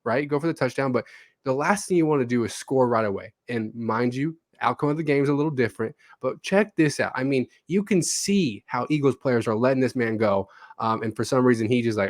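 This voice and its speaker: Young male co-host, casual and swearing, animated, mid-pitched voice, dry recording. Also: quick pace, no room sound. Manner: animated, profane storytelling. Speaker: podcast co-host. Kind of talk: casual sports podcast chat.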